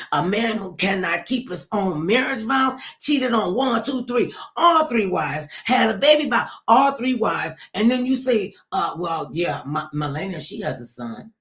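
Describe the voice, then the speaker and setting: A woman's voice: fairly high pitch, lively intonation, measured pace, few pauses. A woman talk show host delivering an emphatic political commentary monologue, repeating herself and addressing listeners directly.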